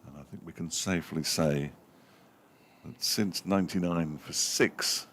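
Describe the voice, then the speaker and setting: A man's voice: deep voice, a little slow, a bit bright, slight background noise. A man giving live ball-by-ball cricket commentary from a commentary box, lifting his voice to call the runs.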